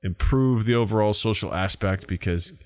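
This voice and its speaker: Low-voiced man swearing through podcast chat. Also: normal speed, no echo. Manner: animated storytelling, acts out quoted voices, swears freely. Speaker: podcast co-host. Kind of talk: casual chat.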